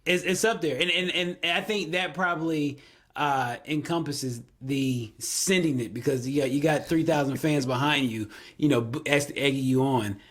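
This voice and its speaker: Excitable male golf show co-host. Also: fairly high pitch, moderate pace. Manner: excitable, repeats himself. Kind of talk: casual sports chat.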